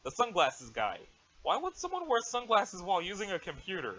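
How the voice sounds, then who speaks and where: A man's voice: high voice, wildly swooping pitch, a little fast, sharp tone, heavily acted. A man voicing an aloof, formal alien troll girl with stiff, overly proper wording, on a dull lo-fi mic.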